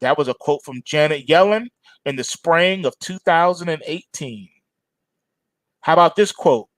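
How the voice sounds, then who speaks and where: A man's voice: fairly high pitch, lively intonation, normal speed, dry recording. A man hosting a market commentary monologue, sardonic and emphatic, mocking as he goes.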